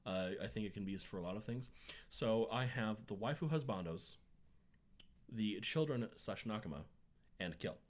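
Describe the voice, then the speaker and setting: A man's voice: fairly low pitch, animated, normal speed. Rambling, profane man on a podcast. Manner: rambling, profane, emphatic rants. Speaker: podcast co-host. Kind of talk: casual chat.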